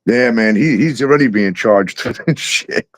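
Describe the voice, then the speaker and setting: A man hosting a casual talk show, animated and profane, laughing often and acting out exchanges as he tells stories. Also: medium pitch, normal speed. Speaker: show host. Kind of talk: casual podcast chat.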